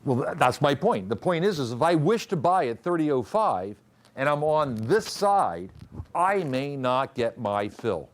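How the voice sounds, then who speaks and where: Very animated yet a little slow, this mid-range voice belongs to a trading instructor lecturing a class. He keeps asking the students questions, drills their answers, and repeats the important rules.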